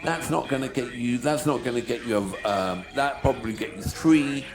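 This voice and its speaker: A man's voice: mid-range voice, moderate pace. A man co-hosting a reaction video in casual, playful chat, humming tunes and speaking to the audience.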